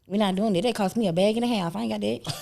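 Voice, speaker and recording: A woman in her thirties hosting a casual chat, blunt and animated, full of slang and laughter. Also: medium pitch, rapid-fire, creaky, a little hiss or hum. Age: 30s. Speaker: podcast host.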